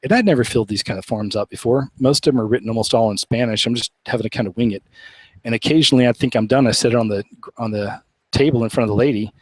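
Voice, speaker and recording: A man's voice: medium pitch, quick pace, breathy edge, no room sound, poor audio. A man from Oklahoma, hosting a live show in a casual, rambling, earnest way and laughing often. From Oklahoma, USA. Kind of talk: casual live-stream chat.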